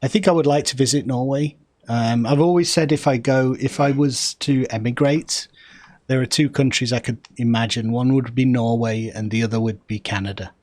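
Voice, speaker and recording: A man's voice: medium pitch, steady tone, moderate pace, a little mellow. A man with a Yorkshire-Lancashire accent, rambling and thinking aloud in wry, joking gameplay chat. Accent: Yorkshire-Lancashire northern English. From north of England. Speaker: gaming streamer playing an online game. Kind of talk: casual gameplay commentary and chat.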